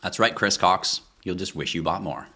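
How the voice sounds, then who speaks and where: Speaking at normal speed in a low, husky, bright voice with a forceful edge, a man hosts a crypto livestream. He rants passionately and casually, swearing frequently, asking rhetorical questions and pleading with viewers.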